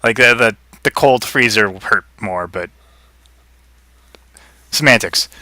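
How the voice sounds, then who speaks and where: A man's voice: mid-range voice, takes it slowly, bright, forceful tone, no room sound. A man narrating as game master of a tabletop game, loose and chuckling.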